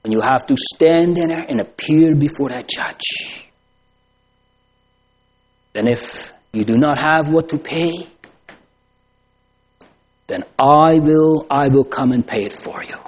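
A man preaching a sermon, asking rhetorical questions and swinging from loud emphasis to hushed tones. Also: a little high, slow pace, long pauses.

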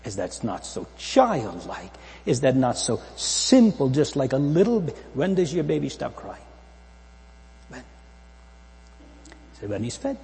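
A man delivering a slow, fervent sermon in a large church. His voice is mellow and dark, and it swings widely in pitch as he asks question after question. Long hall reverb and a low mains hum hang behind every phrase. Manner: fervent, repetitive, rhetorical questions. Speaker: preacher.

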